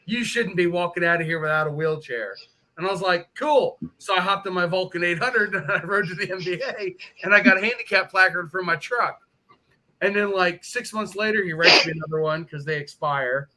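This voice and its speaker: A man with a high, sharp-toned voice hosts a casual live motorcycle stream, laughing often as he tells profane, joking stories.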